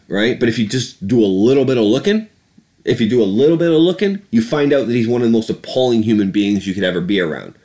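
A man hosting a podcast, ranting about politics in a fast, heated and sarcastic way, swearing freely. His voice sits fairly low. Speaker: podcast host. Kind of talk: casual political rant.

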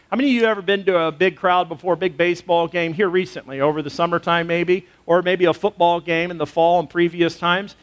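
The speaker, a pastor, has a high-pitched and somewhat bright male voice. He preaches conversationally, leaning on rhetorical questions and casual filler words.

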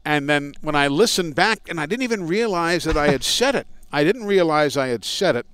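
A man's voice: a little high, expressive, a little fast, a bit bright, clear, resonant tone, dry recording. A radio play-by-play broadcaster telling casual, rambling, self-deprecating stories from his career in an interview. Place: indoors at a college arena.

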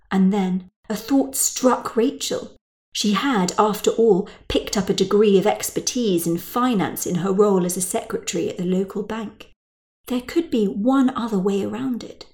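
A woman reading a story in measured, dry narration. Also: medium pitch, a little mellow.

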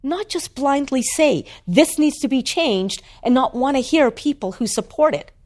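A woman reading out the quoted words of an earnest grown man, in a lively, heartfelt way. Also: sits high, unhurried, voice pushed up.

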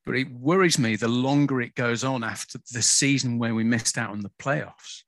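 A man's voice: mid-range voice, moderate pace, a bit bright, no room sound. A man, a podcast guest talking hesitantly in casual chat with many restarts. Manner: hesitant, self-aware, restarts often.

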